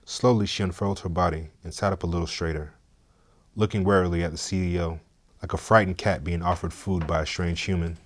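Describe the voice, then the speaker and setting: A man narrating a story in a steady, measured, scripted way. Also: low voice.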